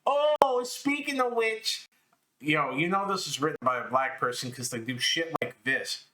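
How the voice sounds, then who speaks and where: A man's voice: mid-range voice, a little fast, sharp tone. A man co-hosting a podcast, doing a comedic reading of a crude novel and laughing as he goes. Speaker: podcast co-host.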